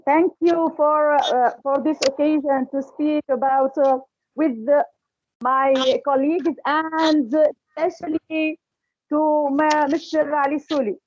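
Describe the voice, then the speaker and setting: A woman's voice: high voice, flat delivery, takes it slowly, a little mellow, muffled recording, slight background noise. A woman giving hesitant, grateful remarks on a video call. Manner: hesitant, repeats herself. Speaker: former trainee teacher.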